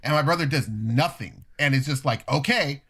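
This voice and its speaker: A young man in a casual chat, telling a long story in a rambling, profane, animated way. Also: mid-range voice, moderate pace, husky. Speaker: storyteller guest.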